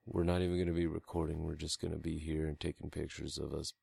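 A man's voice: rumbling low, level tone, fast talker, creaky, a little mellow, slightly rough, dry recording. A young man co-hosting a podcast, swearing and laughing through crude, teasing banter. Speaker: podcast co-host.

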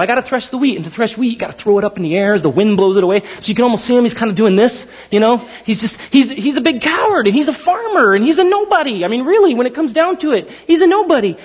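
A male pastor preaching a sermon, telling biblical stories with animated storytelling and acting out the figures. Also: very high-pitched, slightly rough, dull audio.

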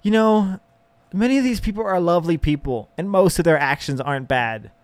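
A man's voice: high-pitched, fairly quick, dry recording. Exasperated man ranting in a dry room. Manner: ranting, profane, with frequent laughs and sighs; emotional and exasperated. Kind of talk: candid personal monologue.

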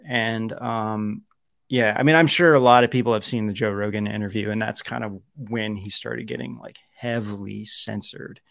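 Man, young adult, host, casual rambling talk, gravelly, dry. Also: lowish voice, steady tone, moderate pace, fairly bright tone, dry recording. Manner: rambling, many fillers and restarts. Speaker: show host. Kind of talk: casual live-stream talk.

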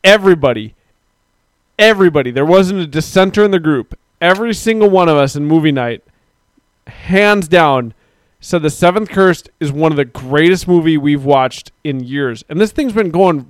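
A man's voice: fairly high pitch, expressive, normal speed, no echo. A man hosting a live stream, chatting casually and rambling as he reads out viewers' comments. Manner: rambling, talks to chat viewers, mock-quotes people. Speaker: podcast host.

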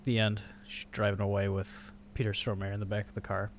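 A man's voice: lowish voice, completely flat delivery, a little fast, slight background noise. A young man in casual conversation, enthusiastically retelling movie scenes and quoting characters as he goes.

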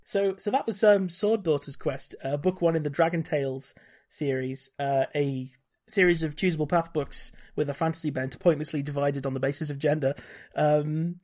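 Man, high voice, podcast host, reading aloud, sarcastic asides, amused. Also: a little mellow. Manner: sarcastic, amused, breaks into quick voices for characters.

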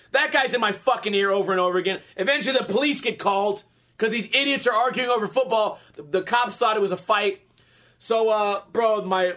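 A man's voice: high voice, bright, forceful tone. A man in his thirties telling a comic story in a profane, exasperated rant.

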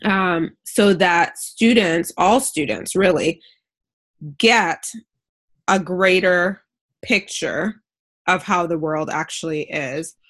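A woman hosting a podcast interview in a somewhat low voice. She asks long, thoughtful questions, winding through them with frequent fillers. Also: takes it slowly, a bit bright. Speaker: podcast host.

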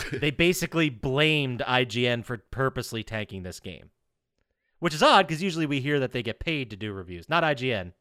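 A man hosting a casual podcast chat, leading the segments and reading out trivia in an animated way. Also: mid-range voice, normal speed, clear, resonant tone, no echo, studio quality. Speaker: podcast host.

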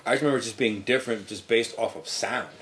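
A man's voice: lowish voice, quick pace, a bit bright. A man co-hosting a podcast, telling rambling, profane stories in casual chat. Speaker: podcast co-host.

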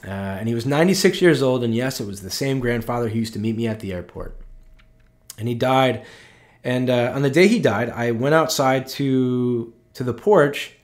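A man's voice: mid-range voice, expressive. Earnest man preaching a personal sermon. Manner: earnest and personal, with frequent "right?" asides; openly emotional, slowing and softening on tender points. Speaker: pastor. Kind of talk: conversational sermon.

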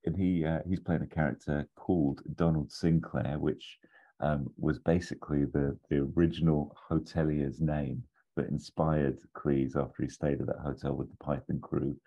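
A man chatting casually and pitching a story idea, rambling and hesitant with many restarts, on a dull lo-fi recording. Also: little pitch movement, normal speed, mellow, slightly rough.

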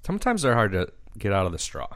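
A man's voice: fairly low pitch, huge pitch swings, fast talker, a bit bright, no room sound. A man co-hosting a casual podcast chat, making dry, wisecracking remarks. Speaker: podcast co-host.

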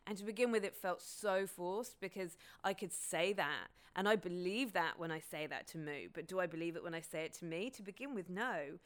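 A woman's voice: lowish voice, brisk, hardly any pauses. A woman, hosting a podcast in a candid, casual, sweary monologue. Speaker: podcast host.

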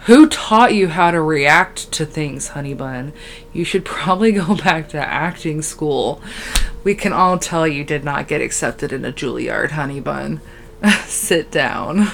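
A woman's voice: sits low, expressive, a little slow, vocal fry, a little hiss or hum. A sleep-deprived young woman hosting a solo podcast, rambling casually with lots of fillers and trailing sentences. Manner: rambling, scatterbrained, valley-girl fillers. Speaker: podcast host. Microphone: podcast microphone.

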